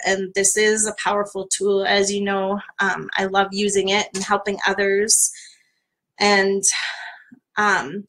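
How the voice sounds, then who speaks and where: A woman leads a live-streamed tapping session in a gentle, soothing voice. Her pitch sits in an ordinary middle range. She talks plainly, with frequent fillers, as she coaches listeners through the steps. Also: rough recording.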